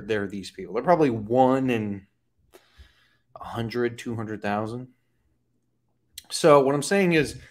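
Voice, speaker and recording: A man giving casual fitness commentary from home, blunt and profane, breaking into sarcastic mocking asides. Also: mid-range voice. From Florida. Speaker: fitness coach. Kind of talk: casual talking-head commentary.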